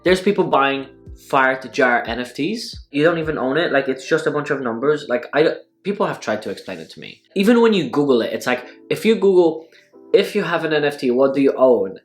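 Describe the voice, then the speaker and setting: A man's voice: mid-range voice, lively intonation, brisk, soft background music. A man hosting a casual eating vlog, talking through mouthfuls in a wry, sarcastic way. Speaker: food vlogger. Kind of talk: casual mukbang vlog talk.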